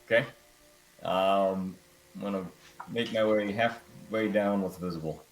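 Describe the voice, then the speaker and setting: A man playing a tabletop game, relaxed and quick to laugh. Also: low-pitched, low-quality recording. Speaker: player. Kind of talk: casual tabletop game play.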